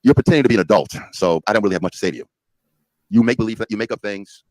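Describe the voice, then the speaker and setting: A man in his sixties on an online panel, replying calmly and dismissively. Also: fairly low pitch, no room sound, low-quality recording. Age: 60s. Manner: calm, dismissive, measured replies. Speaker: panel speaker.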